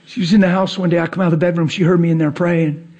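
A man preaching a personal testimony with animated storytelling, laughing as he swings from hushed to loud. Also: on the high side, racing, dull audio. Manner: laughs through his words. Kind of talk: testimony sermon.

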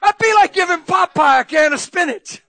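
A male preacher giving an animated sermon, laughing often and breaking into shouts. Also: very high voice, moderate pace.

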